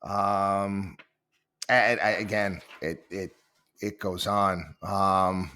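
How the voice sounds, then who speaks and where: Bright-voiced man in halting commentary. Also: deep voice, steady tone. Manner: halting, with many fillers and restarts. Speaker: host. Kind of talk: casual commentary.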